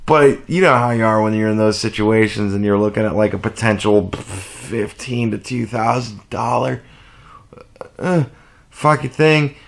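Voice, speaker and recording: A man's voice: on the low side, unhurried, gravelly. A man telling a rambling, profane story in a casual vlog rant. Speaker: vlogger.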